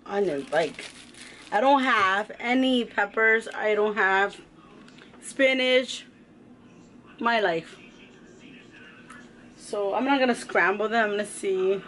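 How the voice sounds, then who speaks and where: A woman's voice: medium pitch, a little hiss or hum. A woman vlogging casually at home with a swollen, painful ear and sore throat. She talks with her mouth barely open, a bit muffled. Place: home kitchen.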